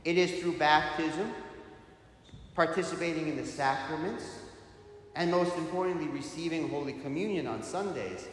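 A man, a priest, delivering a sermon with slow, emphatic preaching that rises strongly on key words. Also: a little high, slight background noise. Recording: echoey church hall.

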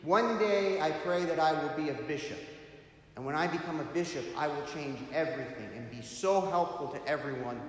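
A man's voice: fairly high pitch, normal speed, lightly acted. A man voicing a stubborn, dreamy young monk who earnestly refuses to help, in an echoey hall. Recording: echoey hall, faint hiss.

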